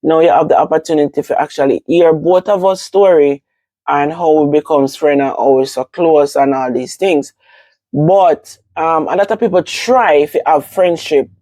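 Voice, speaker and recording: Jamaican woman hosting a vlog, mellow and dry, relaxed Patois rambling. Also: deep voice, moderate pace, no echo. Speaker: host. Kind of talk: casual vlog talk.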